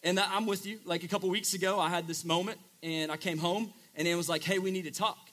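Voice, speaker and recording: Young guy preacher, kinda high voice, super casual and jokey, says like a lot. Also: steady tone, fast, fairly bright tone. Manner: joking, chatty, lots of "like" fillers. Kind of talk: casual sermon. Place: room with a live audience.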